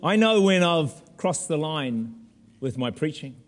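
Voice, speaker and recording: A man preaching a sermon as pastor in a church, animated with humorous asides. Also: a little high, unhurried, big-room sound, slight background noise.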